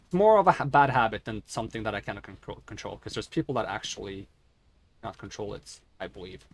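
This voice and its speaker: A man's voice: lowish voice, quick pace. A man streaming a game on a headset, talking casually and stuttering as he corrects himself. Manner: stuttering, self-correcting, rambling. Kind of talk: casual gaming stream talk.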